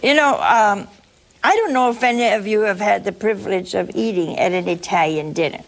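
A woman speaks to her listeners in a folksy, sermon-like way, slowing down to press on key words. Her voice sits at a middle pitch with a gravelly, creaky texture. The delivery stays emphatic and conversational.

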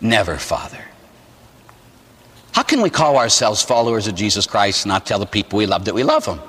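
Lively priest preaching in an echoing church. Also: male voice, on the low side, fast talker, husky. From Pittsburgh, USA. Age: 40s. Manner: animated storytelling with rhetorical "huh?" tags. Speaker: Catholic priest. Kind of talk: sermon.

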